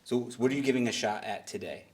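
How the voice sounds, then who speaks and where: A man hosting a real estate investor meetup, coaching a newcomer in fast, blunt talk with plenty of restarts, his voice picked up from off the mic. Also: medium pitch, recorded from a distance, slight background noise. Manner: fast, blunt, repeats himself, jokes with the group. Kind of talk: live coaching Q&A in a meeting room.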